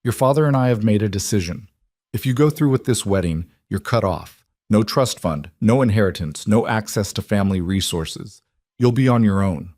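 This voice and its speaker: A man's voice: fairly low pitch, animated, normal speed, a little mellow, no room sound. Man voicing a stern society mother, cutting and cold, dry close sound; audiobook read. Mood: sharp. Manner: cutting, disapproving. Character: cold controlling wealthy mother, woman.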